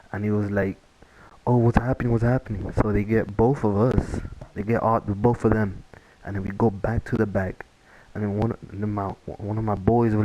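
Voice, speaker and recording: Low flat-voiced young man rambling. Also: rough recording. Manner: rambling, repeats himself, many fillers. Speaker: vlogger. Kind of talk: casual story time.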